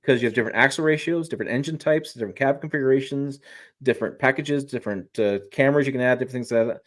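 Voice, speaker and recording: A man's voice: medium pitch, rapid-fire. Rambling, enthusiastic man talking trucks. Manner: rambling, restarts often, enthusiastic. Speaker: guest truck reviewer. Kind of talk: casual livestream chat.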